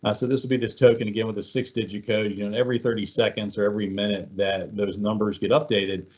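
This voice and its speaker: Speaking quickly in a flat, lowish, somewhat dark voice, this man presents a webinar over lo-fi sound. He keeps it casual, telling stories as examples and leaning heavily on fillers.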